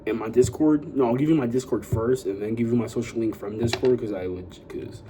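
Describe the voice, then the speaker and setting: Speaking fairly quickly with few pauses, a young man with a warm, mid-range voice comes through a rough recording with slight background noise. The YouTuber rambles in a casual vlog chat, constantly saying "like" and "you know" and hyping up his audience.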